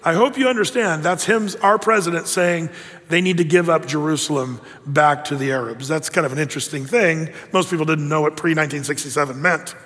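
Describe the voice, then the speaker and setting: Animated high-voiced male preacher. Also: fairly quick, long reverb tail. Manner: animated, emphatic, acts out quotes. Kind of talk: sermon-style storytelling to a congregation.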